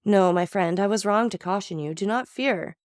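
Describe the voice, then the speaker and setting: A woman's voice: medium pitch, moderate pace, clear, resonant tone, no room sound, studio quality, close to an everyday voice. A woman voicing a young man in despairing grief in a storybook reading, her delivery anguished and pleading.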